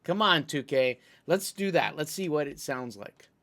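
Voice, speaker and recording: A man from Italy streams a game, chatting casually about his play and at length about the menus he navigates. His fairly high voice is bright and forceful, with lively intonation and a moderate pace.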